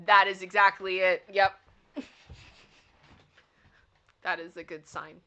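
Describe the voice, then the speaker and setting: A woman's voice: medium pitch, flat delivery, takes it slowly, long pauses, sharp tone, highs cut off. A woman hosting a casual livestream, reading funny signs aloud, giggling playfully and talking back to her chat. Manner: giggly and playful, often laughing. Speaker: livestream host.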